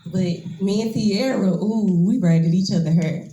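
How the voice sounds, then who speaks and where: A woman's voice: medium pitch, a little slow, mellow, reverberant, poor audio. A woman in her twenties gives a nervous, emotional, casual speech as a braider at a hair shop event. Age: 20s.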